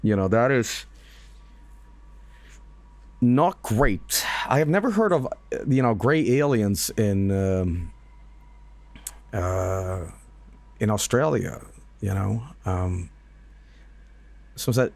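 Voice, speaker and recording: A man's voice: lowish voice, animated, slow pace, vocal fry, long pauses, darkish tone, dry recording. A man streaming and reacting to videos in casual commentary, rambling with fillers, laughing and swearing.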